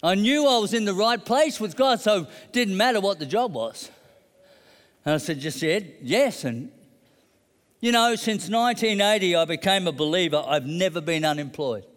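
A man's voice: high voice, animated, normal speed, fairly bright tone, long reverb tail. A middle-aged man preaching a sermon, telling a personal story conversationally and building to emphatic declarations.

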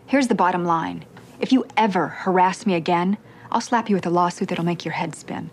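A woman's voice: on the low side, fairly quick, slight background noise, lightly acted. An actress playing a ruthless businesswoman who speaks in a clipped, threatening way, from a TV drama. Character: ruthless cold businesswoman, adult.

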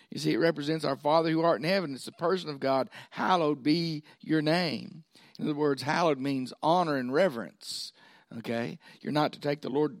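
A man's voice: on the high side, dry recording. Folksy preacher man, dry sound. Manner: folksy, checks in with listeners. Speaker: pastor. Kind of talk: sermon.

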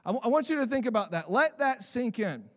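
A man preaching a sermon as pastor of his church, animated, building to shouts and putting on mock voices for examples. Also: extremely high pitch, fast, in a large hall. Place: church sanctuary.

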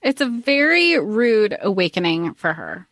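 A woman co-hosting a podcast, talking casually about a novel with animated, exasperated reactions. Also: medium pitch, unhurried, creaky, dry recording, clean studio sound. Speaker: podcast co-host. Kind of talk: casual book discussion.

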